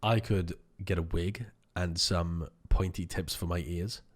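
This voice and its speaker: A man in his thirties, a streamer riffing through deadpan, rambling tangents while reading chat. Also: deep voice, measured pace. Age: 30s.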